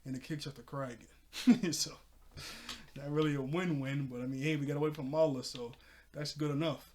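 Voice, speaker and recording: A man casually recapping a cartoon episode, excitable and laughing often as he talks to his viewers. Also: a little high, fairly quick. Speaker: cartoon reviewer.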